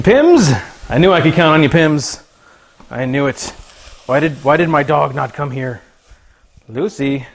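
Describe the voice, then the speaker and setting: A man hosting a casual cooking livestream in his home kitchen, chatting goofily with viewers and his pets as he cooks. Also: medium pitch. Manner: goofy, talks to chat and his pets while cooking. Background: food sizzling in a pan.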